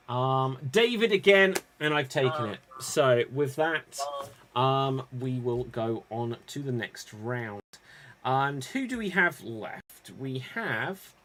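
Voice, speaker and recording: A man's voice: mid-range voice, bright, forceful tone, slight background noise. A man hosting an online improv game show, playful and self-mocking.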